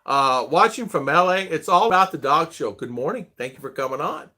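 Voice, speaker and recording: A middle-aged man hosts a casual livestream, chatting easily and greeting viewers one by one. His voice is bright and sits a little high, and his pitch moves a lot as he talks. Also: expressive, a little fast. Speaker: livestream host.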